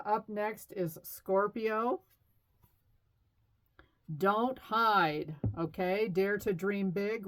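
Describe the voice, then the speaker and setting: A middle-aged woman giving a casual tarot reading in a chatty, reassuring way, with fillers and light laughs. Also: medium pitch. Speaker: tarot reader.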